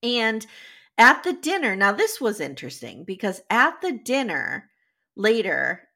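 A woman's voice: mid-range voice, big pitch swings, a little slow, creaky, sharp tone. A woman co-hosting a casual podcast chat, recapping episodes with wry asides, sniffly with a cold. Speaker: podcast co-host.

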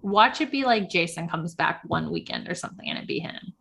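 Recapping reality TV on a podcast, this young female co-host gossips in a fairly low, gravelly, slightly bright voice. She is expressive, speaks a bit quickly, and says "like" all the time in casual chat.

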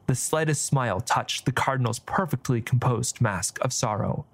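A man reading a fantasy story as narrator in a theatrical, expressive way. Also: mid-range voice, normal speed, hardly any pauses.

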